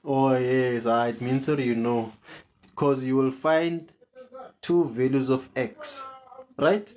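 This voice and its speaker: A maths tutor leads an online lesson at an unhurried pace. The voice sits at a middling pitch, and each question gets asked several times over to draw the students in. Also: fairly even intonation, darkish tone.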